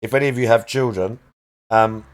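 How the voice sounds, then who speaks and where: A man's voice: lowish voice, normal speed. A man streaming a game live, chatting casually and rambling as he searches aloud for the right words. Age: adult parent.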